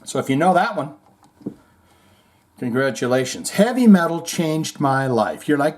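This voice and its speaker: A male host chatting loosely through music headlines, his pitch bouncing all over as he jokes and swears. He rambles, trails off, and mocks the quotes he reads. The tone is loose and offhand, like talking to regulars. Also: expressive, measured pace, pauses often, a little mellow. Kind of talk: casual commentary on music news.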